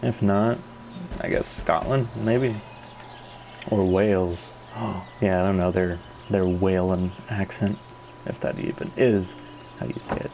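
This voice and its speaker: A man's voice: deep voice, steady tone, measured pace, gravelly, warm tone, a little hiss or hum, low-quality recording. A man giving casual, joking let's-play commentary. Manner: joking, rambling. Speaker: gaming YouTuber.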